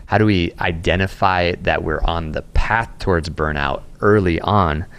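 A man with a very low voice, a pastor, talks through his ideas in an easygoing interview. He sounds earnest and animated, often doubling back on a word before pushing on. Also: normal speed, clear, resonant tone. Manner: earnest, animated, repeats words as he thinks aloud. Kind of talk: conversational podcast interview. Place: Austin, Texas.

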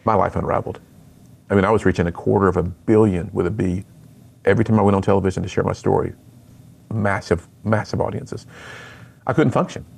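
A man's voice: low-pitched, steady tone, quick pace, creaky, long pauses, a little mellow, husky. A middle-aged man, a speaker and author, telling his personal story earnestly in an interview.

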